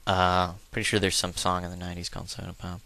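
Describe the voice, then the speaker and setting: A let's play commentator talks fast in a deep, monotone voice with a sharp edge, recorded with no room sound. His gameplay commentary is casual and rambling, full of crude jokes and mumbled asides that trail off.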